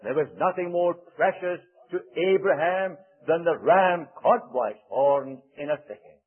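A man preaching a sermon in a solemn manner, quoting archaic scripture with dramatic pauses. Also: fairly high pitch, husky. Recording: tinny phone-like recording.

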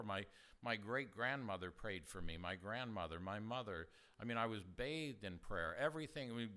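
Bright-voiced older male preacher. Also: mid-range voice. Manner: conversational, storytelling, rhetorical questions. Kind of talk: sermon.

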